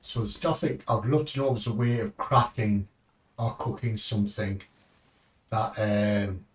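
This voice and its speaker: A man's voice: on the low side, fairly even intonation, measured pace, recorded from a distance. An English man streaming a game, chatting in a rambling way and swearing casually as he plays. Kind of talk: casual gaming commentary.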